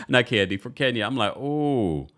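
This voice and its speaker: A chatty man with a fairly low voice hosts a casual live stream. His pitch swings widely and animatedly as he talks and reads out viewer comments. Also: big pitch swings, moderate pace, fairly bright tone. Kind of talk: casual live recap chat.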